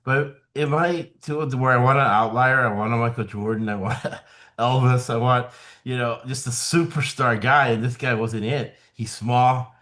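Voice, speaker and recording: A man's voice: medium pitch, steady tone, moderate pace, fairly bright tone. A man hosting a sports betting podcast, chatting casually, asking questions and laughing along. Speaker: podcast host.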